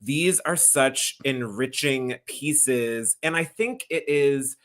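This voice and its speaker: A man's voice: mid-range voice, animated, slow, fairly bright tone. A man, a guest on a casual talk show, speaking thoughtfully and reflectively about film. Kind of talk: casual conversation.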